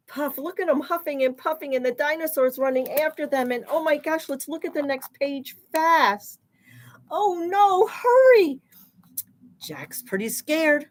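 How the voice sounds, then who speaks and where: A woman's voice: sits high, a little slow. A woman teaching children as she reads a picture book aloud, explaining words and gasping and exclaiming at the pictures. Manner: animated, explains terms, gasps and exclaims at pictures.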